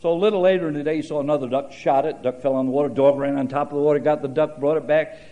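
Man preaching, sermon, folksy storyteller, dry humor, slightly higher voice. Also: fairly even intonation, racing. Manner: shifting pace and loudness for emphasis.

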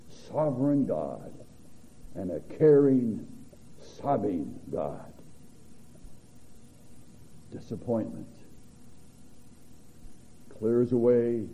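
A man preaching a sermon as a pastor, swinging from loud to hushed. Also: medium pitch. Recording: tinny phone-like recording.

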